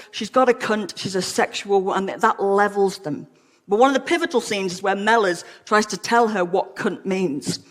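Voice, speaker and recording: An Englishwoman gives a humorous public talk, frank and playfully witty. Her voice sits at an ordinary middle pitch. A long reverb from the large hall follows her words. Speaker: lecturer.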